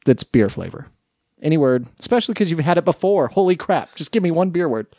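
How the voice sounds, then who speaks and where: A man co-hosting a casual beer podcast, teasing and bossing the others with quick jokes. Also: on the high side, sing-song, dark tone, no echo, clean studio sound. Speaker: podcast co-host. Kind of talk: casual chat.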